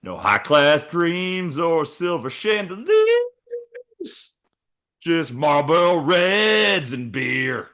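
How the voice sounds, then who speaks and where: A man putting on his best country voice, half-singing a slow, twangy country song. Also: on the high side, steady tone, pushed and bright, pitched above the performer's own voice. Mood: crooning. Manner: drawn-out sung-spoken country drawl. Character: crooning male country singer, twangy and laid-back. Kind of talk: mock country song performance.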